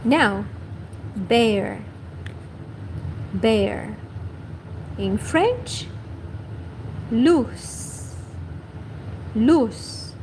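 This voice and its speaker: A woman leads a livestream language lesson, pronouncing every word twice at a very slow, deliberate pace. Her voice sits a little high. A faint hiss of background noise runs under her speech. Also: lively intonation, a little mellow, rough recording. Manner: repeats each word slowly and carefully. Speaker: language teacher. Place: home livestream.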